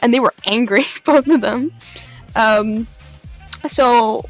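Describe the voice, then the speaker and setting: Animated woman telling a story. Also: fairly high pitch, takes it slowly, soft background music. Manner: animated, dramatic retelling with laughs. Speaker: LARP vlogger. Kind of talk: casual storytelling.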